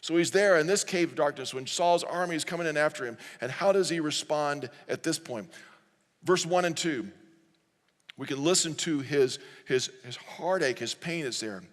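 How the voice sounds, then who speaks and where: A man's voice: on the high side, normal speed, long reverb tail. A man preaching a sermon as pastor, earnest, reading scripture aloud and leading the congregation in reading. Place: large church sanctuary.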